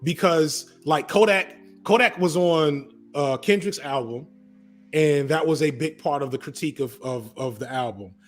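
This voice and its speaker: A man with a fairly high voice, speaking in a loose, casual podcast chat. He punches some points loudly and lets others trail off quietly and thoughtfully. Faint music sits low behind him. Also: normal speed. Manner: emphatic, swings between loud bursts and quiet musing. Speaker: guest.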